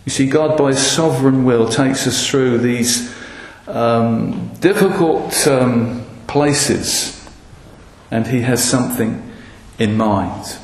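A man preaching a sermon in an earnest way, often pausing with ums and restarts. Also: mid-range voice. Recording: echoey hall with long reverb.

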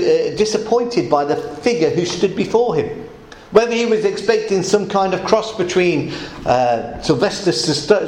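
A man preaching a sermon, explaining scripture step by step with emphatic, animated delivery. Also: high voice, roomy sound, slight background noise, low-quality recording.

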